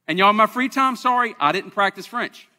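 A man's voice: sits high, animated, brisk, pushed and bright, in a large hall. A man, preaching a conversational, self-deprecating sermon to his congregation in a church. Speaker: pastor. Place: church sanctuary.

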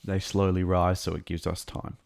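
Gravelly low-voiced man rambling excitedly. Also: normal speed, no echo, studio quality. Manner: rambling, enthusiastic, many ums and restarts. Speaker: show reviewer. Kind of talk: casual recap talk.

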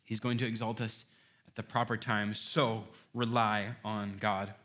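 A man preaching a sermon, emphatic and building to loud rhetorical questions, often repeating words as he starts a phrase. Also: on the low side, level tone, unhurried.

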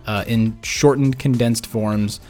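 A man's voice: medium pitch, steady tone, slow, a little mellow, soft background music. A burned-out, exhausted man hosting a podcast, rambling through a casual sign-off with lots of fillers and restarts, mumbling at times. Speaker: podcast host.

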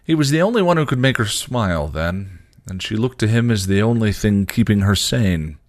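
A man, a podcast host, reading a story aloud in a lively narrating voice. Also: lowish voice, moderate pace, no echo, clean studio sound. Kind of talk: reading fan fiction aloud.

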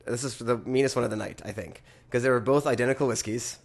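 A man hosting a casual podcast chat and leading a tasting round, talking in a rambling, halting way with a self-deprecating streak. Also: medium pitch, steady tone. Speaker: podcast host running a blind tasting.

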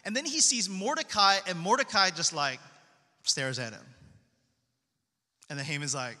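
Brief: male preacher, high, very bright voice, casual slangy storyteller, echoing church hall. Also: moderate pace. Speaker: pastor. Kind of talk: sermon. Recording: long hall reverb.

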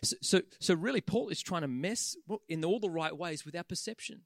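A man preaching a sermon in church, animated and conversational, acting out the voices of the people he talks about. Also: high voice, brisk, gravelly, no room sound, clean studio sound.

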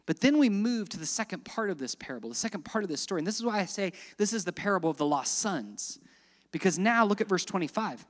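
A man preaching a sermon, swinging dramatically between loud emphatic lines and hushed, quiet ones. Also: sits high, very animated, fast talker, in a large hall. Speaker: pastor.

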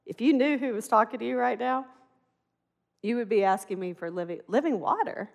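A middle-aged woman preaching a sermon in an animated, conversational way, acting out the voices in her stories. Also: a little high, a little fast, gravelly, big-room sound.

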